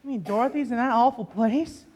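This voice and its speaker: A man's voice: extremely high pitch, a little fast, darkish tone. Teen boy playing a blustering cowardly lion. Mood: nervous. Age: teens. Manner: blustering, boasting then backing down. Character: cowardly male lion, blustering but timid. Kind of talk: school stage play. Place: school auditorium stage.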